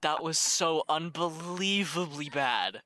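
Young man, podcast co-host, casual banter, laughs often, lively. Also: a little high, takes it slowly, no echo. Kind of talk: casual chat.

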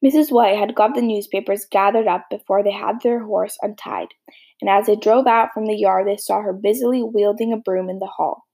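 A woman reading a classic novel aloud as an audiobook, steady with small slips. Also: medium pitch, moderate pace, breathy edge, poor audio. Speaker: audiobook reader. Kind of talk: storybook reading.

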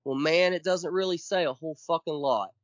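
Podcast co-host, man, high-ish voice, emphatic profane rant, dull dry lo-fi sound. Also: brisk, no echo. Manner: emphatic, profane, counts off points.

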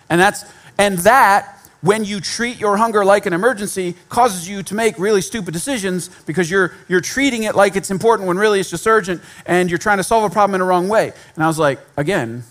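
A man's voice: high voice, fairly quick, fairly bright tone. A man preaching a sermon in a conversational style, with repetition and self-deprecating humor. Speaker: pastor.

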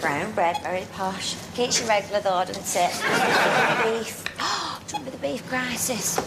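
A man's voice: high-pitched, expressive, normal speed, gravelly, pitched above the performer's own voice. A man voicing a nosy woman shopper who chatters about her groceries. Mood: gossipy. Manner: gossipy running commentary on groceries. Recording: loud background noise.

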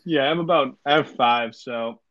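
A man's voice: medium pitch, normal speed, highs cut off. Laid-back man rambling about sports picks. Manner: laid-back, rambling with many fillers, deadpan joking. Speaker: podcast co-host. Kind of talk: casual sports podcast chat.

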